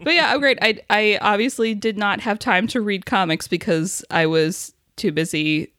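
A woman's voice: medium pitch, moderate pace, no room sound. Laughing woman podcast co-host, dry sound. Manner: animated storyteller, laughs often. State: recovering from a face injury. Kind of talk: casual chat.

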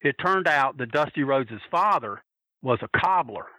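Bright, animated man telling stories. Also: mid-range voice, normal speed, no room sound, low-quality recording. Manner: animated, acts out quoted voices. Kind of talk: casual anecdote telling.

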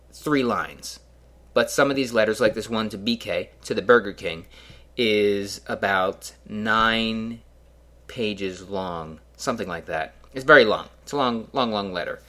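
A man's voice: mid-range voice, fairly bright tone. Rambling, self-mocking male podcast host. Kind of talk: casual solo podcast monologue.

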